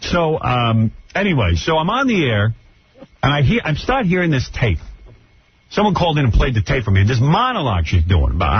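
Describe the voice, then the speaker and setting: A man's voice: medium pitch, huge pitch swings, a little fast, slightly rough. A middle-aged man, a radio show host telling a story in a brash, mocking way. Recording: dull lo-fi radio broadcast.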